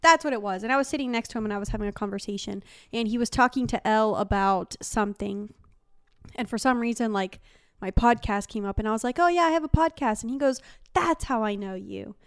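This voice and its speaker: A young woman co-hosting a podcast, chatting candidly and throwing in quick teasing remarks with laughs. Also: medium pitch, a bit bright, clear, resonant tone, no echo, clean studio sound. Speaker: podcast co-host. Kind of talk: candid casual chat.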